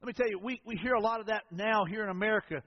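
High-voiced pastor preaching in a hall. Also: male voice, racing. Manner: folksy, conversational preaching with storytelling asides. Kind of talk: sermon. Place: church sanctuary with congregation. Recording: echoey hall, dull lo-fi sound.

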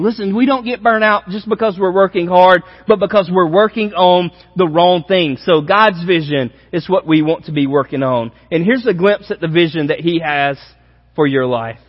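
A man preaching a sermon as pastor, speaking directly and emphatically to his congregation. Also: high voice. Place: church auditorium. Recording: dull sound with long hall reverb.

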